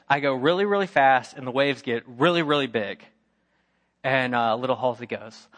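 A man's voice: medium pitch, normal speed, fairly bright tone. A middle-aged man preaching a sermon, telling a story with emphatic repetition and acting out the voices of its characters. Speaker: pastor.

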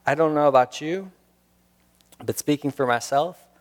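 A man's voice: fairly high pitch, normal speed. Earnest male pastor preaching in a reverberant hall. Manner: earnest, rhetorical questions, repeats key lines for emphasis. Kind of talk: sermon.

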